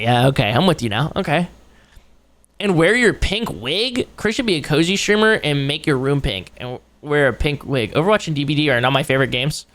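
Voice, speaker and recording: A man's voice: medium pitch, fairly bright tone. A young man live-streaming, chatting casually with his viewers, rambling and swearing, joking and breaking into mocking voices. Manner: rambling, profane, jokey, jumps into mocking voices. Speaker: streamer reacting to a video.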